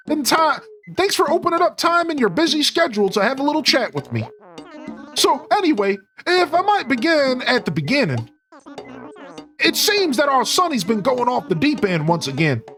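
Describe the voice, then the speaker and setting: A man's voice: extremely high pitch, bright, forceful tone, voice pushed up, heavily acted. A man voicing an older male mole with a put-on New Jersey accent, reading game dialogue in a folksy, rambling, earnest way. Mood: apologetic. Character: older male mole, apologetic easygoing brother.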